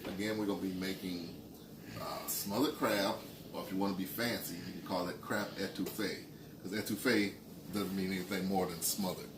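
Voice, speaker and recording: A man with a low voice walks through a home recipe in an easygoing, folksy way. He talks casually from his kitchen stove, and a faint sizzle of frying sits under his voice. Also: steady tone, moderate pace, background noise. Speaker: home cook. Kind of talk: casual cooking tutorial.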